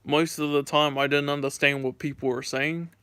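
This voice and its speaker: A young man chats about games on his stream from home, rambling with constant filler words. His slightly high voice is smooth and clear, heard close and dry with no room sound. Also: flat delivery, normal speed, fairly bright tone, no echo. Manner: rambling, filler-heavy storytelling. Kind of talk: casual gaming chat.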